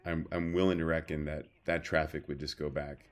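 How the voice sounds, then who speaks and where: A man's voice: extremely low pitch, flat delivery, fairly quick. A man co-hosting a podcast, telling stories in a loose, rambling way. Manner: rambling storyteller, many fillers and restarts. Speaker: podcast co-host. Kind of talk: casual chat.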